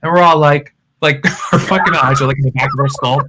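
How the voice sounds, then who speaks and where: A man co-hosting a podcast, telling a wild story in casual chat, animated, cursing often and calling his friends "girl". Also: fairly high pitch, brisk, background noise. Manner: animated, swears freely, calls friends "girl". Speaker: podcast co-host.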